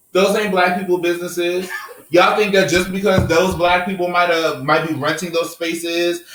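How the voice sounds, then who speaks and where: A man's voice: a little high, a bit bright, reverberant, far from the mic, rough recording. Impassioned profane male podcast host. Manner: impassioned, profane, preachy rants. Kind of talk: passionate casual podcast discussion.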